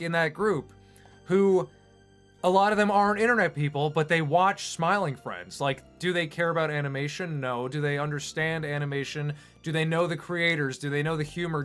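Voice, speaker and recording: A man's voice: on the high side, a bit bright. A man who animates online, chatting casually on a livestream in a rambling, self-deprecating way. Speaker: streamer and animator.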